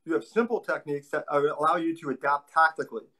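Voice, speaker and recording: A man with a fairly high voice tells stories in a casual interview. He is animated and lively, and he acts out other people's lines as he goes. He is a martial arts instructor talking shop. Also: quick pace.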